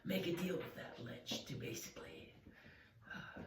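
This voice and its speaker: A man voicing a raspy, whispering creature who holds a prisoner, in a whispered role-play for a tabletop game. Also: on the high side, unhurried, noisy background, pitched above the performer's own voice, close to an everyday voice. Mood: menacing. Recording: roomy and distant.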